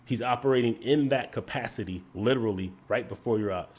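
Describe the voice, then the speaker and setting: Male commentator, mid-pitched, slightly husky, measured and accusatory. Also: darkish tone. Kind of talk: critical commentary.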